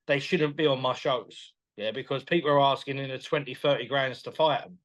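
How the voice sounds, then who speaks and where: A man, a boxing promoter chatting as a guest in an interview, animated and quick to laugh. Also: mid-range voice. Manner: animated, enthusiastic, laughs often, retells dialogue. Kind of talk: casual interview chat.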